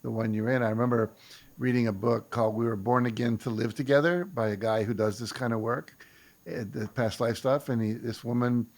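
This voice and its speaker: A man's voice: mid-range voice, fairly even intonation, brisk. An older man hosting a conversational show, speaking reflectively and often restarting his sentences. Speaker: host. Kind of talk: casual conversation.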